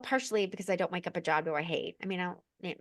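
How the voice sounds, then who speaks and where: A woman speaking as a podcast guest in an expressive, candid, effusive way. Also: fairly low pitch, no room sound, studio quality. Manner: expressive, effusive, quick asides. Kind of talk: candid conversational chat.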